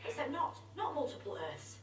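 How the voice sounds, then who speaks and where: A brisk, eccentric time-traveller who fires off rambling explanations in a lively, swooping voice. Her voice comes from television speakers, echoing around the room and sounding distant from the mic. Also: high-pitched, over music. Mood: urgent. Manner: rapid, commanding, rambling explanations. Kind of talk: TV drama acting. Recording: TV episode audio from speakers, roomy and distant.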